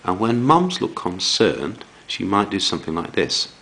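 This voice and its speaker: A man teaching young children a writing lesson, reading examples aloud with slow dramatic emphasis. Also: low-pitched, vocal fry, poor audio. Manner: slow, lively delivery with dramatic read-aloud. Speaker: primary school teacher.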